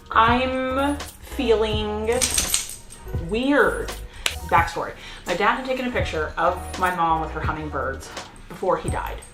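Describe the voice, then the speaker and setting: A woman vlogging at home in a casual, rambling way, with many fillers and restarts. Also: lowish voice. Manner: sings out baby talk to her pets. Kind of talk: casual chatty vlog. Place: at home indoors. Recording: echoey room with music behind.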